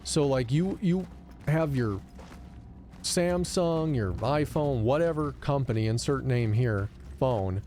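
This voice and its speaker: A man's voice: medium pitch, takes it slowly, slight background noise. Man ranting animatedly while streaming a game. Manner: animated ranting, acts out both sides of calls, profane. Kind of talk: casual live-stream storytelling while gaming.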